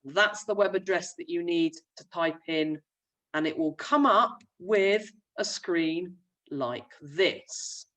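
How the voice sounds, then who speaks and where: A woman's voice: fairly low pitch, slow pace, a bit bright, recorded from a distance, poor audio. A young woman, a primary school teacher, chattily explaining a remote lesson while sharing her screen. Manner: friendly, chatty classroom explaining.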